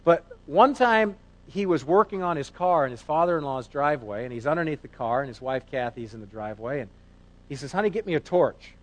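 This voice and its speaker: A middle-aged man preaching a sermon in a conversational, animated way, asking rhetorical questions. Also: medium pitch, a little fast. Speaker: pastor.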